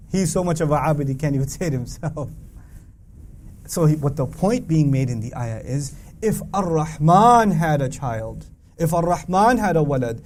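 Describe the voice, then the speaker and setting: A man teaching a live audience about a Quran verse, emphatic and full of rhetorical questions, reciting Arabic verses quickly. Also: on the high side, a little mellow, a little hiss or hum.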